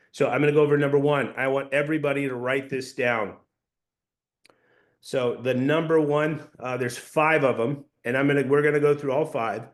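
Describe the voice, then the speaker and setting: Man, sales coach, mid-pitched voice, emphatic, drills points home by repeating them. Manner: emphatic, repeats key points for note-taking. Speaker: sales trainer. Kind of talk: sales training talk to a team.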